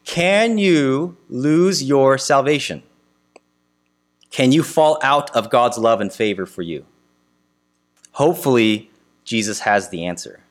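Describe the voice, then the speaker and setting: A man preaching a sermon to his congregation, asking earnest rhetorical questions with emphatic pauses. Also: medium pitch, expressive. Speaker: pastor.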